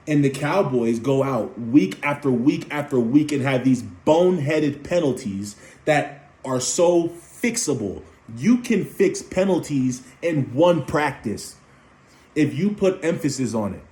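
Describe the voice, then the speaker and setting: A young man fires off an emphatic fan rant, hammering the same points again and again. His voice sits at a middle pitch, and the room around him rings with a noticeable echo. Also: a little mellow. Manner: heated, repetitive, emphatic. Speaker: sports commentator. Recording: roomy echo.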